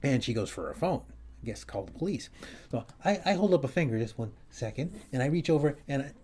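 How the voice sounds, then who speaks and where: A male comedian telling a wry story at home in a halting, restarting way. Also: mid-range voice, big pitch swings, warm tone, slightly rough. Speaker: comedian and host. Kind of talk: storytelling monologue. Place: his home, upstairs.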